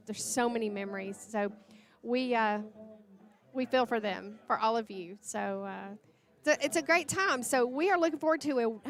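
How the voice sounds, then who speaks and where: A woman, announcing for a livestream sports broadcast and reading out lists of names in a chatty way. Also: fairly high pitch.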